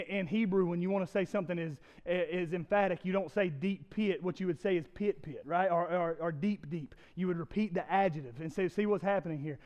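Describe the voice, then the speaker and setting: A man preaching a sermon as pastor, emphatic, often climbing loud and high and repeating words for effect. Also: highs cut off.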